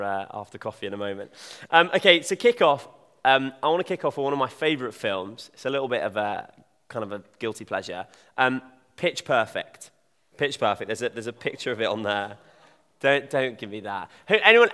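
Chatty preacher from in a reverberant hall. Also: male voice, medium pitch, fairly bright tone. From Devon, England. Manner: chatty, jokey, addresses audience directly. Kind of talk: informal sermon.

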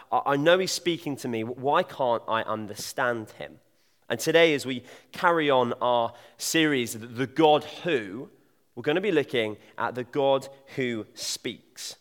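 Chatty preacher from in a reverberant hall. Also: male voice, mid-range voice, a bit bright. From Devon, England. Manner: chatty, jokey, addresses audience directly. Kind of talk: informal sermon.

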